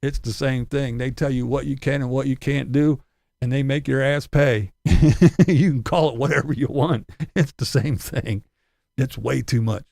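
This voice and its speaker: A man's voice: medium pitch, steady tone, normal speed, gravelly, a little mellow, no echo. A man ranting in profane, sarcastic commentary, laughing between his jabs. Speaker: commentary channel host.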